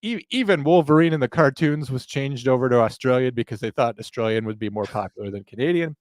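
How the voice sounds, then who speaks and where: A man co-hosting a live podcast at a mid pitch, rambling from one joke to the next with the odd profane aside. The sound is close and dry, with no room around him. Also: animated, quick pace, no room sound. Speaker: podcast co-host.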